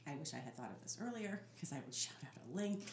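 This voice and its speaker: Casual chat fills this podcast, where a low-voiced woman co-host talks fast, laughing through her animated storytelling. The room is echoey, and faint noise sits in the background.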